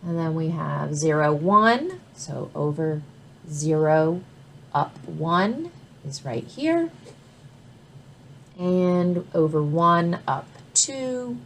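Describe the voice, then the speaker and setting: A woman teaching a math lesson at an unhurried, deliberate pace, her voice sitting on the lower side. She walks through each step patiently and checks in with the listener. A faint hiss sits under the recording. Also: big pitch swings, fairly bright tone. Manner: patient, step-by-step explaining with frequent "all right?" check-ins. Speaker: math instructor.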